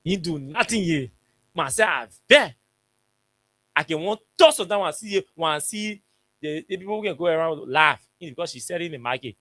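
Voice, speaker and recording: High-voiced Liberian man telling a story. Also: expressive, brisk, bright, forceful tone, dry recording. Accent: Liberian English. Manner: repetitive, emphatic, colloquial. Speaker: radio talk show host. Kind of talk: casual storytelling commentary. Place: radio studio.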